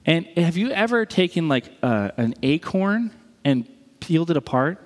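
A man preaching a sermon in a conversational, animated way, acting out the voices he quotes. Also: on the high side, moderate pace. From Missouri. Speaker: pastor. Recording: reverberant hall.

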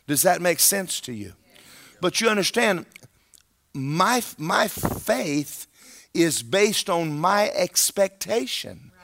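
A man preaching a sermon in an animated, conversational way, speaking emphatically and often checking in with his listeners. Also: high voice, vocal fry.

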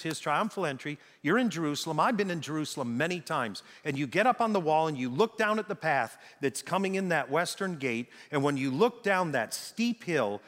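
A man preaching a sermon as pastor, animated and full of rhetorical questions. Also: a little high, big-room sound.

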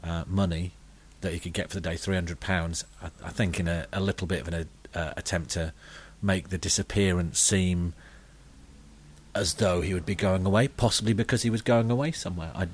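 A British man with a fairly low voice spins deadpan, meandering stories in a comedy podcast chat. He stops and restarts often, stacking fillers as he goes. He sounds middle-aged. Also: a little fast, slight background noise. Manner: deadpan, rambling anecdotes with many fillers. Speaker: podcast co-host telling comic stories.

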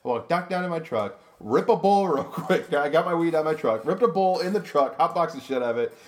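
A man's voice: fairly high pitch, a little fast. A man, a comedian co-hosting a podcast, telling a story in a loose, profane way and acting out the voices in it. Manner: animated, profane, acts out quotes in his story. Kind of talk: casual storytelling chat.

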